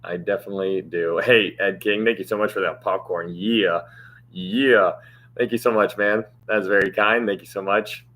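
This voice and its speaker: A man's voice: lowish voice, steady tone, normal speed, a bit bright. A man hosting a livestream Bible study, chatting casually and thanking viewers by name, his voice strained and cutting out. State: strained voice that cuts out.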